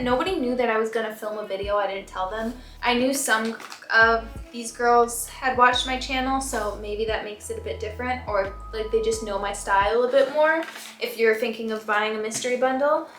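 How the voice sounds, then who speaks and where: A woman in her twenties doing a casual unboxing vlog, gushing and squealing with excitement. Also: on the high side, moderate pace. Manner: gushing, squealing excitedly, says "shut up" and "oh my God". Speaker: fashion vlogger. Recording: echoey room with faint background music.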